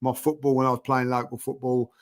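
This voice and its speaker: A man's voice: mid-range voice, little pitch movement, quick pace. A man, a guest in a casual chat, telling a long story with lots of fillers and acting out the voices of people he quotes. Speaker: podcast guest.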